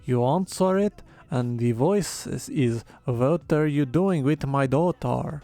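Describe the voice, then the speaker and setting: A man putting on a hammy, vaguely European voice to read out a joke story with slow, drawn-out delivery. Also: medium pitch, dark tone. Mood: mock-dramatic.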